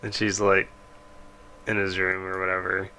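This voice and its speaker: A man's voice: low voice, completely flat delivery, normal speed, bright, forceful tone, a little hiss or hum, low-quality recording. A man co-hosting a casual podcast over a remote call, with dry, joking asides. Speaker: podcast co-host. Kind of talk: casual chat. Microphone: remote call through an audio interface.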